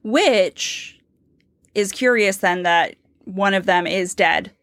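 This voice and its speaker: Brief: woman podcast co-host, mid-pitched, dry close sound, eager and theorizing. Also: slow, a bit bright, dry recording. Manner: enthusiastic, theorizing, reads quotes aloud. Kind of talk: casual book-discussion chat.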